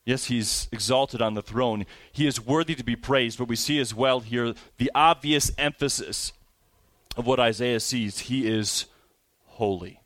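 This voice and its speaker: A male pastor delivering a sermon, his voice mid-pitched and recorded close and dry. He stretches out scripture readings and leans hard on his emphasis. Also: fairly bright tone, no room sound. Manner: preaching with rising emphasis and slow drawn-out scripture reading.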